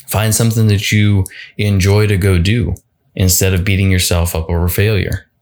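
A man's voice: deep voice, flat delivery, normal speed, darkish tone. A man hosting a solo motivational podcast, talking casually and often restarting and repeating words. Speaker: podcast host.

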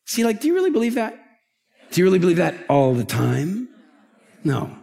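Middle-aged male motivational speaker, live on stage, lively storyteller with a bright, swooping voice that leans a touch high. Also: fairly quick, vocal fry. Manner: animated storytelling, asks the audience questions. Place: large event stage with an audience.

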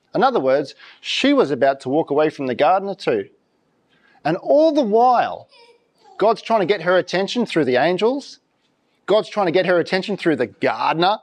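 A pastor preaching a sermon in church, talking conversationally and throwing out rhetorical questions in an animated way. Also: male voice, a little high.

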